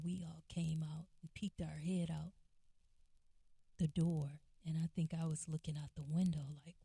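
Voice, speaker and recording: A woman's voice: low-pitched, vocal fry, mellow, breathy edge, dry recording. A woman telling a family memory in an oral history interview, in an earnest, reflective way with restarts.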